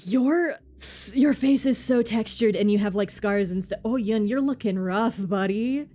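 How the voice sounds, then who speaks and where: A woman streamer commenting on a game in a casual, excitable way, exclaiming and swearing. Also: mid-range voice, measured pace. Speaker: vtuber streamer.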